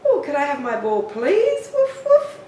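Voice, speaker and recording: A woman voicing a pushy male dog in a story for children, who learns to ask with please. Her voice is bright and playful, and the recording is roomy and a little distant. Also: huge pitch swings, measured pace, slight background noise, full character voice. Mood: sweetly pleading. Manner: demanding, then high and sweet when asking nicely. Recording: roomy, slightly distant mic.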